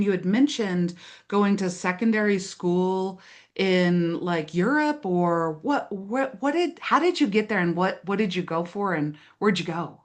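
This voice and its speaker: A woman hosting a conversational interview, affirming her guest and asking loosely phrased questions. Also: medium pitch. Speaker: podcast host and interviewer.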